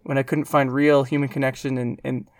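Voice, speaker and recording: A young man hosting a casual podcast discussion, thoughtful and halting, with many fillers and restarts. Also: medium pitch, flat delivery, darkish tone, no echo, studio quality. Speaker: podcast host.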